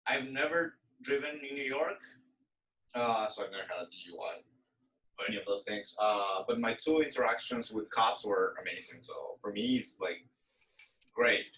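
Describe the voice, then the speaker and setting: A man's voice: fairly low pitch, moderate pace, fairly bright tone, distant mic, rough recording. A man in a casual chat who explains his views in a matter-of-fact way.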